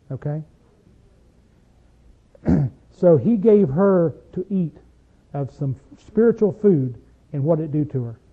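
High-voiced preacher on a tinny line. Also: male voice. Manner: rhetorical questions to listeners, swings from loud to hushed. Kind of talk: sermon. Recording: tinny phone-like sound.

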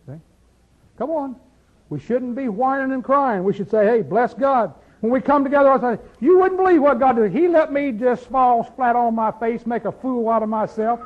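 A man preaching a sermon, swinging between loud emphatic peaks and low quiet asides, full of rhetorical questions. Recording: dull lo-fi sound.

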